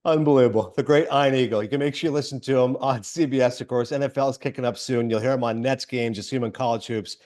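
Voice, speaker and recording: A male podcast host talks fast and sounds excitable as he sets up stories and praises his guest. His voice sits at a middle pitch and runs at a brisk pace. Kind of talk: casual interview.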